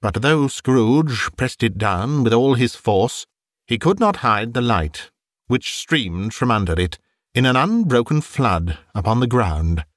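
A man narrating a classic novel in an expressive, measured storytelling style. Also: medium pitch, no room sound, studio quality. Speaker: audiobook narrator.

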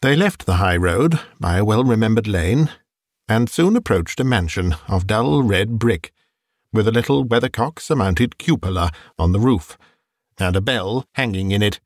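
A man narrating a classic novel as an audiobook, in expressive, measured storytelling. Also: lowish voice, no echo, clean studio sound.

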